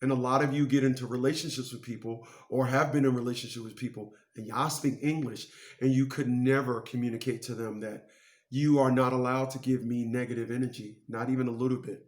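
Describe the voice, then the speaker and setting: A man's voice: mid-range voice, steady tone, a little fast. A man giving a motivational monologue who speaks emphatically and repeats phrases to drive his points home.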